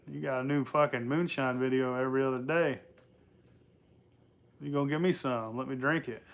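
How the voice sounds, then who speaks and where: Brief: young male vlogger, profane and rambling, bright raised voice. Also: a little high. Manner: profane, rambling, laughs often. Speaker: moonshine channel host. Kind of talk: casual workshop vlog.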